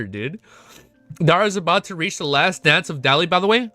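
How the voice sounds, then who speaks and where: An excitable man chatting live on stream, swearing freely and getting emotional, with a congested nose. His voice is bright and forceful, and the dry, close sound has soft music playing behind it. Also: fairly high pitch, moderate pace, dry recording. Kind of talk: live reading reaction chat.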